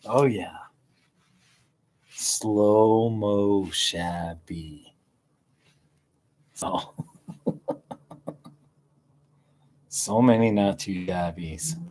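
A man live-streaming from a hammock outdoors, chatting casually and rambling with a relaxed, drawn-out manner. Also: on the low side.

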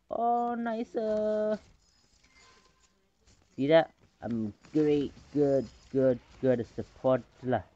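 A man talks through his own game match in a fairly high voice, rambling between plays and getting excitable when fights break out. He speaks at an unhurried, slow pace. The recording is dull and lo-fi. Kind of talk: casual gameplay commentary.

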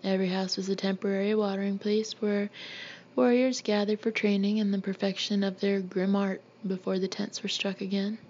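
A woman reading a novel aloud in a steady, measured way, now and then clearing her throat. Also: medium pitch, lo-fi sound. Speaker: audiobook reader.

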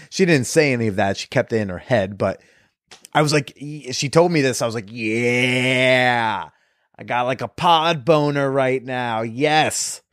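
An excitable young man hosts his podcast in loose, casual chat, swearing freely and tripping over his own restarts. His voice sits at an ordinary middle pitch. It is recorded close and dry, with no room sound around it. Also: measured pace, no room sound. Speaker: podcast host.

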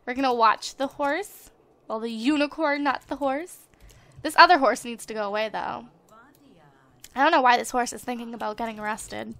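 Bright, high-pitched woman gaming host. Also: normal speed, gravelly, dry recording. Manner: chatty and excitable, gasping at surprises. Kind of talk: casual let's play commentary. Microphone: desktop USB microphone.

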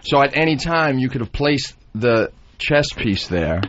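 A man's voice: mid-range voice, lively intonation, measured pace, a bit bright, a little hiss or hum. A man on a radio show, defending himself insistently and pressing questions back at the room. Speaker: radio show staff member. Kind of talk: defensive studio argument. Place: radio studio. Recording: dull radio broadcast with crowd.

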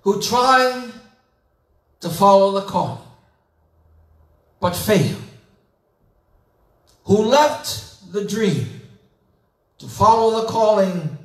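A man pastor preaching a sermon, retelling scripture slowly and dramatically, building to emphatic questions. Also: high-pitched, animated, roomy sound, recorded from a distance. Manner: slow, dramatic storytelling with rising emphatic questions. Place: church sanctuary.

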